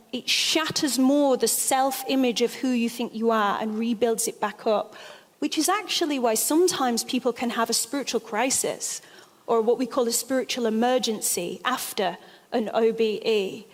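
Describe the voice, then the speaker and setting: A woman giving a stage talk as an expert speaker, an expressive and animated storyteller. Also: fairly high pitch, big-room sound. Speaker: expert speaker on altered states.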